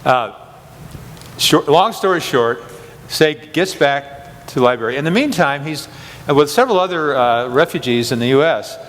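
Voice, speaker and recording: A man's voice: on the high side, lively intonation, moderate pace, a bit bright, in a large hall. A man interviewing a chapel guest, talking in a rambling way with many restarts and chuckles. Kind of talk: casual interview chat.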